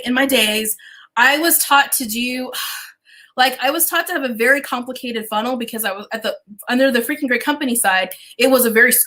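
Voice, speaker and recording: Woman, business coach hosting a live stream; bright, sharp tone, chatty, drops casual curses, talks right to the audience. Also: high voice, low-quality recording. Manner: chatty and animated, casual swearing, addresses viewers directly. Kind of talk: casual livestream chat.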